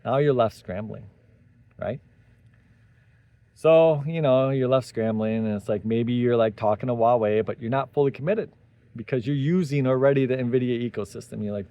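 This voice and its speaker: A man's voice: mid-range voice, normal speed, no echo, dull audio. A man hosting a solo tech commentary, talking animatedly with sarcastic asides and tangents. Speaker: tech commentary channel host.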